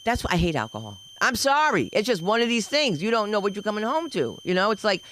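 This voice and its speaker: A woman doing stand-up comedy on a club stage, telling stories in a lively, swooping way and throwing in shouted sound effects. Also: medium pitch, quick pace, few pauses, a little hiss or hum, rough recording.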